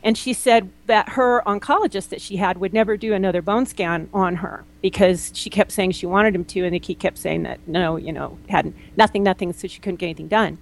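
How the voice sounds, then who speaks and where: A straight-talking woman guest who tells her stories with real animation. She acts out other people's lines in a lively way and doesn't sugarcoat anything. Her voice sits at an ordinary middle pitch for a woman. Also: brisk, gravelly, few pauses, poor audio. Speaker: naturopath guest. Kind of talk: candid interview conversation.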